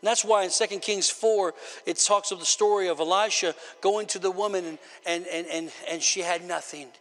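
A man's voice: high-pitched, steady tone, normal speed. A man preaching a sermon in an emphatic, repetitive style, often stammering on restarts. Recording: long hall reverb.

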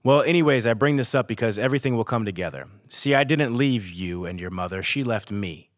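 A man in his thirties, a podcast host, reading a personal letter aloud in a steady, earnest way with pauses. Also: mid-range voice, no room sound, studio quality.

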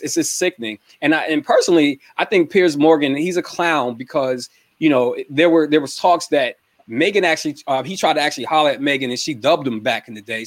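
A man's voice: fairly high pitch, no echo. A man hosting a casual panel discussion, talking with many restarts and fillers and passing questions to his guests. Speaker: host.

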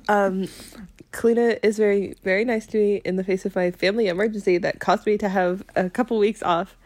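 A woman's voice: mid-range voice, steady tone, moderate pace, pauses often, a little mellow, dry recording. A woman co-hosting a podcast in casual chat, hesitant and full of fillers. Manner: hesitant, filler-heavy, giggly. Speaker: podcast co-host.

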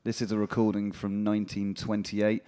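A man's voice: lowish voice, completely flat delivery, normal speed, warm tone. A man co-hosting a podcast in casual chat, wry and introducing the songs. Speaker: podcast co-host.

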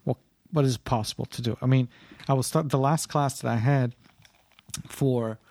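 A man who teaches philosophy chats casually on a podcast over a video call, rambling and thinking aloud in a deep morning voice. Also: moderate pace, a little mellow.

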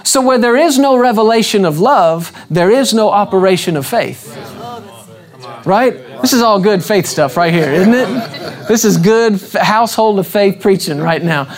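Animated emphatic male preacher. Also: sits high, moderate pace. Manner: emphatic, repeats questions, calls for congregation response. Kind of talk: sermon preaching.

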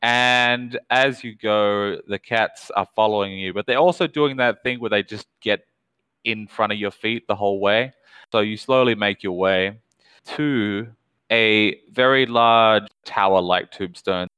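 Male game master, low and smooth, dry close sound, measured narration. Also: pushed and bright, no echo, low-quality recording. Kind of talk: narrating a tabletop horror game.

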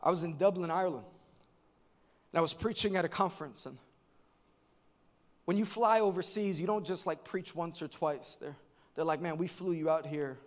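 A man from New York preaching a sermon at a church service, animated, often repeating words and rising to shouts. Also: high voice, moderate pace, long pauses. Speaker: pastor.

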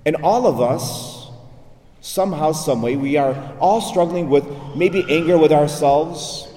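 A man's voice: a little high, measured pace, dark tone. A man, a priest, giving a sermon in a conversational preaching style with frequent rhetorical asides, recorded in a church. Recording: echoey church hall, voice from far off.

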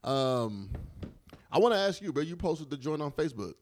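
A man's voice: fairly high pitch, big pitch swings, moderate pace, slight background noise. A man hosting a podcast, talking in a loose, upbeat way with profane banter. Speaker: podcast host. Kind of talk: casual podcast chat.

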